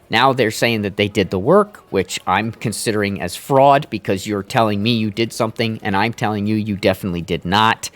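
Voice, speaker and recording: This live streamer has a fairly low, slightly bright voice. He launches into a lengthy rant, casual but exasperated, swearing heavily while his anger steadily mounts.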